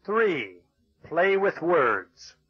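A man reading English textbook exercises and passages in a measured, announcing way. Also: fairly high pitch, sing-song, husky, dry recording, highs cut off, faint music behind. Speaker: textbook audio reader. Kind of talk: scripted textbook narration.

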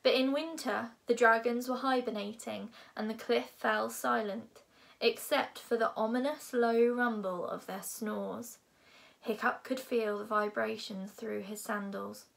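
A woman's voice: fairly high pitch, fairly even intonation, measured pace, gravelly. Woman reading a children's book aloud. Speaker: reader.

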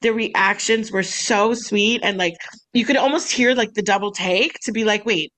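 A woman co-hosting a podcast in a casual, laughing, animated way. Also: medium pitch, moderate pace, poor audio. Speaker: podcast co-host.

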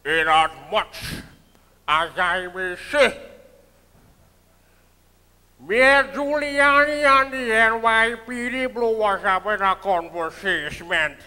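A man doing an impression of a male comedian who teases the audience in a slow, low drawl, with a Trinidadian accent. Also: bright, forceful tone, clear, resonant tone, full character voice. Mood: teasing. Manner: slow, lower, teasing drawl. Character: impression of a deadpan male comedian teasing the crowd. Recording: live stage with long hall reverb.

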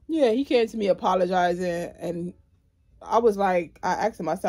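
A woman's voice: lowish voice, moderate pace, a little mellow. A woman telling a personal story in a casual vlog, sassy and indignant, speaking straight to the listener.

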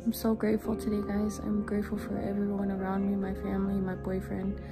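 A woman's voice: medium pitch, completely flat delivery, brisk. A woman in her twenties chatting casually to her viewers in a vlog, full of fillers. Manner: chatty, filler-heavy, talks straight to viewers. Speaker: vlogger. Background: background music.

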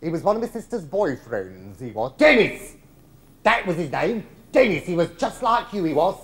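A man's voice: on the high side, big pitch swings, fairly quick. A man doing a camp gossipy lad. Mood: camp gossip. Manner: camp, chatty and teasing, swooping emphatic delivery. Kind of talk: one-man stage show monologue. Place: large theatre before a live audience. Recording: live theatre recording with audience laughter.

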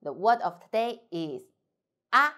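A woman's voice: mid-range voice, sing-song, sharp tone. A young woman with Mandarin as her first language, teaching a Mandarin lesson in English, drawing out exaggerated tone demonstrations. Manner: slow, exaggerated tone demonstrations with non-native English grammar.

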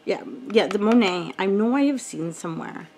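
A woman's voice: medium pitch, animated, moderate pace, darkish tone. A woman beauty vlogger chatting casually while unboxing, thinking aloud with lots of ums.

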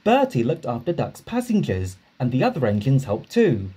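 A man narrating a children's storybook, reading aloud slowly and expressively. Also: medium pitch, husky. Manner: slow, expressive read-aloud.

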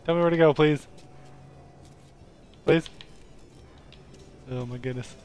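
Unhurried and a touch high-pitched, this streamer's voice is smooth with a darkish tone. He jokes around during a live game session, tossing casual remarks at the characters on screen.

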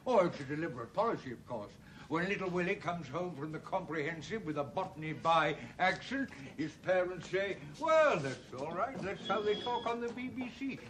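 An actor playing a gossipy elderly gentleman with a fussy, mannered way of speaking. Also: sits high, animated, moderate pace, noisy background.

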